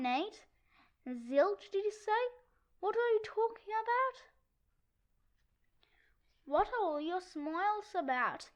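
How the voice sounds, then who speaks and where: A woman's voice: very high-pitched, fairly bright tone, dull audio. A young adult woman reading a children's comic book aloud, switching between the voices of many kid characters. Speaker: read-aloud narrator.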